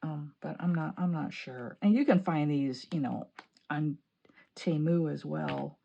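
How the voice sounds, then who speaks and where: A woman from Illinois chatting excitedly while decorating her planner, laughing often. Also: low voice, a little slow, creaky, lo-fi sound, a little hiss or hum. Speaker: planning vlogger. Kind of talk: chatty crafting vlog.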